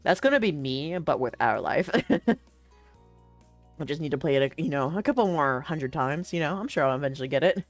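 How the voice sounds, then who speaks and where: A woman's voice: sits low, animated, brisk, no echo, soft background music. A young woman streaming a game, chatting casually and reading the story aloud, rambling with many fillers and frequent laughs.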